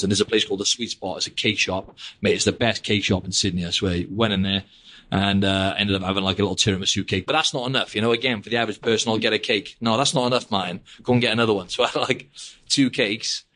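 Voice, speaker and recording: A man's voice: fairly low pitch, pushed and bright. A young man hosting a podcast, rambling casually and saying "mate" and "like" a lot. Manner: rambling, peppers speech with "mate" and "like". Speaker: podcast host. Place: living in Australia.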